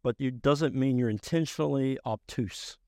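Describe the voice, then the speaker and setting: A man preaching a sermon as pastor, emphatic and rising to loud bursts. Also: medium pitch, normal speed, no echo, clean studio sound.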